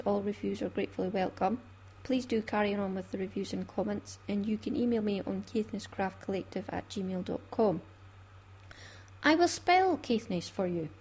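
A woman's voice: mid-range voice, darkish tone, husky. A Scottish woman hosting a craft podcast in a chatty, laughing way. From Scotland. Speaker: podcast host. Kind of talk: casual chat.

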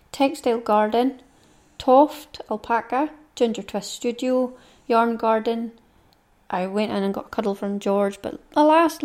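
A woman's voice: fairly high pitch, darkish tone. A middle-aged woman, hosting her own podcast in a chatty, rambling monologue and reading through a long list. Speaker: knitting podcast host. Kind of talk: casual monologue.

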